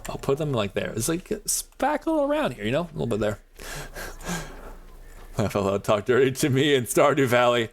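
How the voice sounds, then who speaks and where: A man's voice: medium pitch, big pitch swings, normal speed. A man streaming a game, chatting casually and answering his chat, rambling with lots of "like" and frequent laughs. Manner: rambling, heavy on "like", laughs often.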